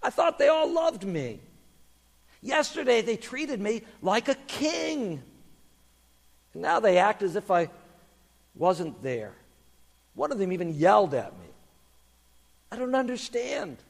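A man voicing a proud, naive young male donkey in a told story, in a high, excited, pleading voice. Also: takes it slowly, creaky, long pauses, in a large hall, exaggerated voice. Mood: tearful.

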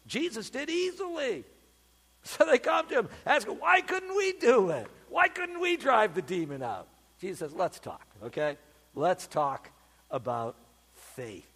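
Animated high-pitched pastor preaching. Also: male voice, husky, long reverb tail. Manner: animated, emphatic preaching with dramatic pauses. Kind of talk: sermon.

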